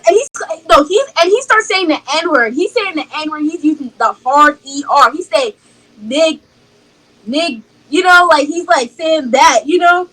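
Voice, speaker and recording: A woman's voice: high-pitched, lively intonation, normal speed, fairly bright tone, low-quality recording. A young woman telling a casual storytime, rambling and repeating herself as she acts out what people said. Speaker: storyteller in a clip.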